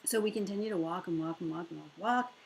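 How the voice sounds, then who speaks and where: A middle-aged woman, a motivational speaker, telling a personal story in an animated way and acting out the voices of the people in it. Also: quick pace, creaky, a little hiss or hum, rough recording. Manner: animated, acts out quoted voices with big pitch jumps.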